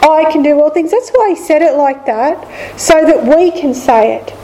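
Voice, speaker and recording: A woman gives a slow, deliberate Bible teaching, repeating each key line. Her voice sits high but mellow and soft-edged. A faint hum of room ambience runs behind her. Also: lively intonation, low-quality recording. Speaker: preacher.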